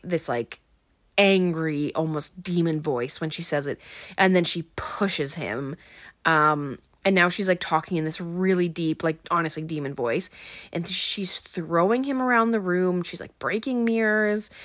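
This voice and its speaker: A young woman chatting through a film recap, her talk loose and full of fillers. Her voice sits a little low for a woman. The sound is dry and close. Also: a bit bright, dry recording. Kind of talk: casual movie recap.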